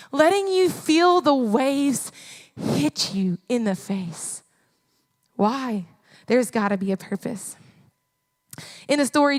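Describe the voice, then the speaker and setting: A woman teaching a Sunday school lesson, telling the story in an animated, emphatic way on a church platform. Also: high voice. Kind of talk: expressive Bible teaching. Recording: long reverb of a church hall.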